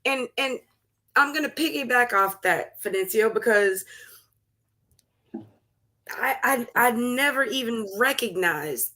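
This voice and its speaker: Slow-spoken bright-voiced woman host. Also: on the high side, animated. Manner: slow, warm-hearted, laughs and tears up. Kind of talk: emotional conversation.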